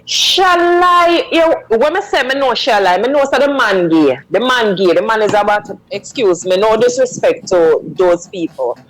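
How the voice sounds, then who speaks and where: A man with a Jamaican accent calling into a talk show, speaking excitedly in patois with laughter. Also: sits high, normal speed, few pauses, rough recording. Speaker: caller. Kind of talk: call-in comment.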